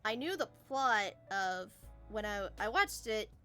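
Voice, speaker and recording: A woman hosting a casual chat, excitable and gushing with fan enthusiasm. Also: medium pitch, measured pace, faint music behind. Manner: excitable, gushing fangirl energy. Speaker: streamer host.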